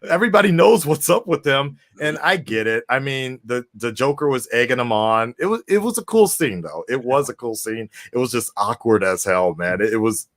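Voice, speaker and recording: A man hosting a live call-in discussion at a middle pitch. He rambles casually, swears freely and breaks into laughing asides. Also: expressive, normal speed, few pauses, a bit bright. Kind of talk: casual chat.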